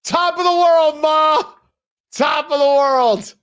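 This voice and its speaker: Male host doing a high, loud, smug troll who thinks one comment made him famous. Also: slow, full character voice. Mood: gloating. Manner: smug, mock-triumphant.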